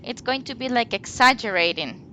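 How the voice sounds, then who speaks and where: A woman teaching an online English lesson, speaking slowly and deliberately and exaggerating rising and falling intonation in her examples. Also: fairly high pitch, animated, sharp tone, a little hiss or hum.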